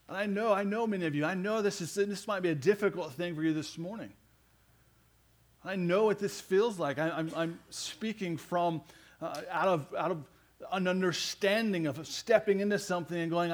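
A male pastor delivers a sermon in an earnest, building way. His voice sits a little higher than most men's. He leans into his points with growing emphasis. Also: moderate pace.

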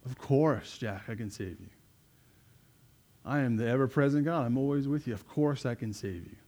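A man voicing God in a sermon story, steady and reassuring, lower and softer than his own voice. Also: moderate pace, close to an everyday voice.

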